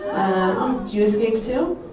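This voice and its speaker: A young adult woman from Minnesota doing a stand-up comedy set in a comedy club, playful and animated, jumping up to high exclamations. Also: normal speed, noisy background. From Minnesota, USA. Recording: roomy club sound from a distance. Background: audience laughter.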